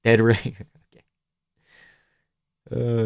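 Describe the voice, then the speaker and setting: Smooth-voiced man riffing through a fight stream. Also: mid-range voice, normal speed, dry recording, studio quality. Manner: joking, swears often, reads chat aloud. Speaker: live stream host. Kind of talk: casual fight reaction commentary.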